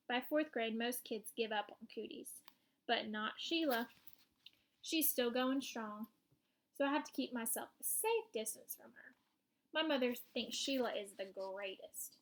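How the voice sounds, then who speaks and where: A woman narrating a children's storybook in the first person, lively and wry. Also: a little high.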